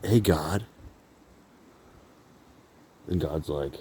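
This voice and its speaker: His low-pitched, warm voice is expressive and unhurried, with long pauses. He's vlogging on a phone held while walking outdoors, rambling candidly in a meandering walk-and-talk, laughing often and cursing casually.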